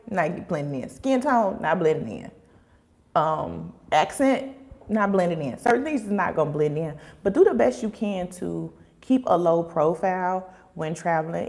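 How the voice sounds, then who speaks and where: A young woman chats on a livestream in a gravelly, low-pitched voice. She talks in an animated way, full of "you know" and "like", and slips into quoted voices to act things out. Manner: animated, acts out quoted voices, lots of fillers. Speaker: vlogger hosting a livestream. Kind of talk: casual livestream chat.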